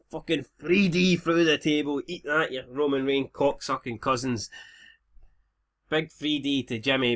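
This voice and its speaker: A young Scottish man commenting casually on a game, swearing freely and joking with his viewers. His voice is bright and forward. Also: medium pitch. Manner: sweary, laid-back banter. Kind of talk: casual let's-play commentary.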